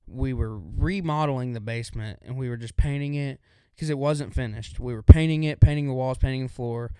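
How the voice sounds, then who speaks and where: A man's voice: medium pitch, brisk, mellow, clear, resonant tone, no echo, studio quality. A young man co-hosting a podcast, telling stories in a laid-back, drawling way and saying "dude" often. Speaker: podcast co-host. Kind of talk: casual storytelling chat.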